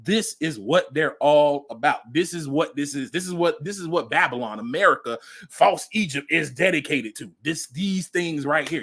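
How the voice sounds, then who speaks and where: A man's voice: a little high, normal speed, fairly bright tone, breathy edge. A man hosting a casual commentary show, speaking emphatically and repeating phrases for effect. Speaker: podcast host.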